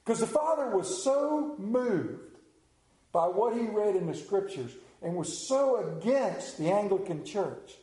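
A man's voice: high-pitched, lively intonation, slow pace, warm tone, roomy sound, poor audio. A male pastor giving a sermon, reading scripture, leading prayer and telling stories in a conversational, lightly humorous way. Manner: conversational storytelling, self-deprecating humor.

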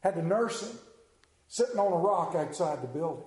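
A man's voice: a little high, animated, moderate pace, a little mellow, echoey room, poor audio. A male pastor giving a sermon, reading scripture, leading prayer and telling stories in a conversational, lightly humorous way. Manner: conversational storytelling, self-deprecating humor.

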